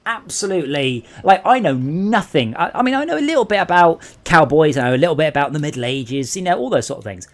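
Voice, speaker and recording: A man talks through a late-night gaming stream, his voice sitting a little high and swinging widely in pitch. He rambles, restarts, and breaks into jokes in relaxed chat. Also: fast talker, hardly any pauses. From England. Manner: rambling, animated storyteller. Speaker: streamer host.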